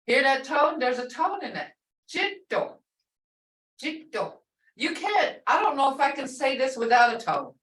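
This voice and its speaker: A woman's voice: high-pitched, very animated, normal speed, a bit bright. A woman teaching a language class, patiently explaining and repeating example words. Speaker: language instructor. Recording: roomy sound from a distant mic.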